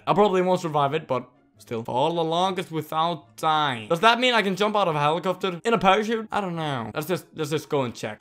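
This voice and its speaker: A young man from Iceland with an Icelandic accent, telling a storytime while playing a game, excitable and swearing a lot as he yells at the game. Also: on the high side, a little fast, soft background music. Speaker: vlogger. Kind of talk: storytime over gameplay commentary.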